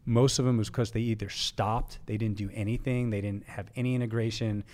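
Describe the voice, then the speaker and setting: A man's voice: fairly low pitch, steady tone, brisk, a little mellow. A man, a veteran and nonprofit co-founder, talking candidly as a podcast guest, with lots of casual fillers. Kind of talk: podcast interview conversation.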